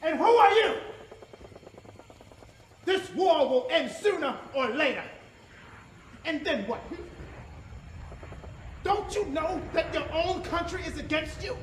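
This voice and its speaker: A man playing a calm, defiant prisoner of war who argues firmly with his captor. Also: extremely high pitch, full character voice. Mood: challenging. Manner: calm, firm, argumentative. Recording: roomy echo, faint background hiss.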